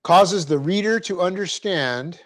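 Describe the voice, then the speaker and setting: Slow, dictating male Bible teacher. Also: high-pitched, lively intonation. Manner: dictates punctuation slowly, joking asides. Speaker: pastor teaching a Bible class. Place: church classroom.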